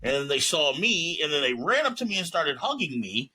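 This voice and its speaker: A young man co-hosts a podcast in casual chat, his voice slightly high and husky. His pitch swings widely as he tells loud, laughing stories. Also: a little fast, low-quality recording. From New York. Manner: loud animated storytelling, lots of laughing. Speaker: podcast co-host.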